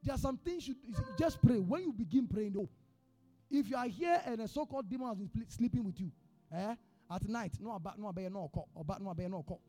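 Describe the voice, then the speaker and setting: A Ghanaian pastor delivers a sermon in a high, very expressive voice that climbs and drops with his story. He drops to a near hush, then bursts out loud. Faint music sits underneath him in the church. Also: fast talker. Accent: Ghanaian English. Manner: animated storyteller, swings from hushed to shouting.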